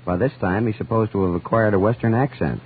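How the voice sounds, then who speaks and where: Man, low husky voice, deadpan straight man, 1930s radio comedy, tinny broadcast. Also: fast. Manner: dry, skeptical straight man. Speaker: comedy double act partner.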